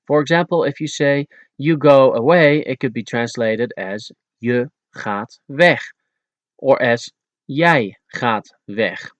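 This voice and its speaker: A man's voice: mid-range voice, fairly even intonation, dry recording. Man reading a Dutch grammar lesson. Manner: plain explanatory reading, slowing down to say the Dutch example words. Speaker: audiobook narrator teaching Dutch. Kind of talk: read-aloud language lesson.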